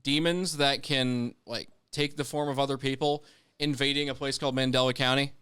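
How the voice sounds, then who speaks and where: A man's voice: mid-range voice, moderate pace, clear, resonant tone, dry recording. A young man co-hosting a podcast, chatting casually and rambling a bit with jokes. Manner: relaxed, rambling, joking. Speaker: podcast co-host.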